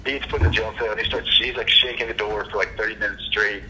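A young man, a guest chiropractor, telling stories in a casual podcast chat with an animated, laughing manner. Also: fairly low pitch, fast, a little hiss or hum, rough recording.

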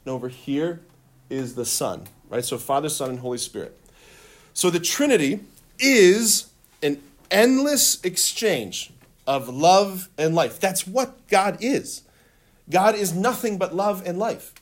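A man teaching a room of children, his voice lively and a little raised. He laughs easily, asks questions and leads the group in chanting phrases back. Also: high voice, takes it slowly. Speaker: religion teacher. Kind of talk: classroom teaching with call-and-response. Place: classroom.

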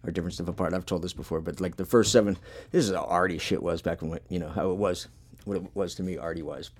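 He's a low-pitched fast talker, his voice a little mellow and slightly rough. As podcast host and punk musician, he chats casually, rambling through long stories with lots of swearing and filler.

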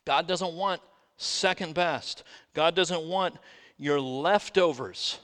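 A man's voice: a little high, slow, a bit bright. A man preaching a sermon as a pastor, firing rhetorical questions at his congregation. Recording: long reverb of a large room.

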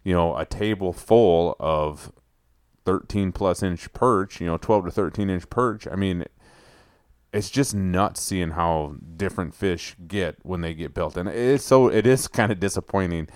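A man with a low, smooth, resonant voice co-hosts a casual podcast. He talks in an easygoing, agreeable way, recorded dry and close. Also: a little slow, no echo. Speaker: podcast co-host. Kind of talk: casual chat.

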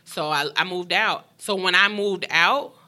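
A young woman candidly telling a personal story, talking frankly and emotionally in quick bursts. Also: lowish voice, sharp tone. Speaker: guest sharing her story.

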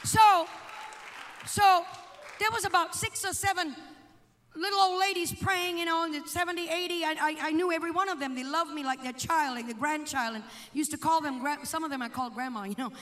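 A very high-pitched woman preaches and tells a story, dropping to hushed asides and then rising to shouts. Her voice rings with the long reverb of a church sanctuary. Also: fast talker, some chatter behind. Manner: dramatic, swings from hushed to shouting. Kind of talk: sermon with storytelling.

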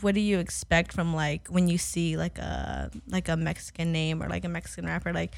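A young woman hosting a casual music interview. She asks relaxed, encouraging questions with plenty of "like." Her voice sounds dry and close, with no room echo. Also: on the low side, fairly quick, vocal fry.

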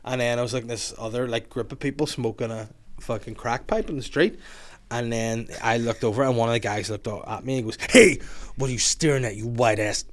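A man's voice: mid-range voice, a little fast. A young man hosting a podcast, telling a crude comic story with plenty of swearing and laughter. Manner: swearing, laughing, animated retelling. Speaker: podcast host.

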